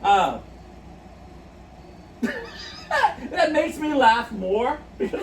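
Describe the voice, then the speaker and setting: A man's voice: very high-pitched, big pitch swings, drawn-out words, pauses often. A man co-hosting a podcast, telling stories in casual chat and laughing often through them. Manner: giggly, laughs through his own stories. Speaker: podcast co-host. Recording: roomy echo, distant mic, faint noise.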